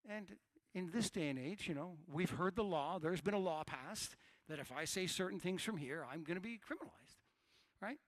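A middle-aged male pastor delivers an animated sermon, dropping to near-whispers and then shouting out. His voice sits a little high for a man. The sound is dry and close, with little room around it. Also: fairly quick, no echo. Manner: animated preaching, swinging from hushed to shouted.

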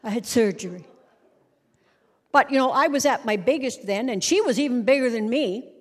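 A middle-aged woman preaches in an animated, joking, conversational way, slipping into song to drive a point home. Her voice sits fairly high for a woman. It rings out through the long reverb of a large hall. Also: normal speed. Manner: humorous, conversational. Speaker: conference speaker. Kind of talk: storytelling sermon.

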